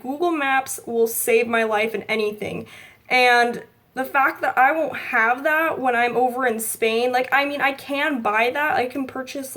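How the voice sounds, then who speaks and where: A woman's voice: on the high side, a bit bright. A woman, chatting casually to camera in a rambling vlog full of likes and ums. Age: 20s. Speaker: vlogger.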